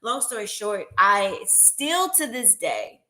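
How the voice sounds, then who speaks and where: A woman educator tells a story on a panel show, and her voice is bright and clear. She is lively and animated, and she keeps adding asides as she goes. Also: mid-range voice, takes it slowly. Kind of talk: casual storytelling.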